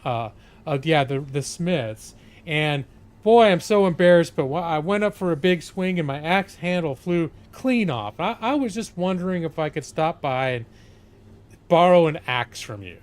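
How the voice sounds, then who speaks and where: A man voicing a timid, overly polite male axe murderer who speaks hesitantly, with halting stops, while retelling a comedy sketch. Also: fairly high pitch, expressive, voice pushed up, natural voice. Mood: sheepish.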